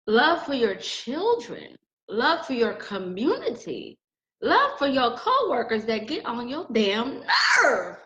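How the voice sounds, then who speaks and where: Middle-aged woman joking around with viewers, slow talker, voice bouncing all over. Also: a little high, a bit bright, reverberant. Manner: joking, chatty, talks straight to viewers. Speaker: crystal jewelry maker teaching viewers. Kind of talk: casual teaching video. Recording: dull lo-fi sound.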